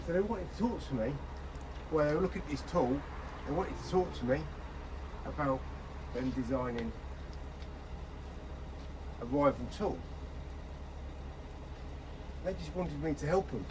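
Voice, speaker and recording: A man's voice: fairly high pitch, moderate pace, pauses often. Man, window cleaner, casual rant, outdoors, faint background noise. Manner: chatty, rambling storytelling. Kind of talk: casual on-the-job rant to camera. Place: outdoors on a street job.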